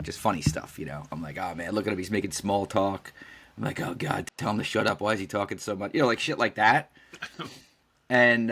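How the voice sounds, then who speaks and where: Low-voiced man spinning an animated story. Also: slightly rough. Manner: animated storyteller who acts out quoted dialogue and swears freely. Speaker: podcast co-host. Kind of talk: casual storytelling chat.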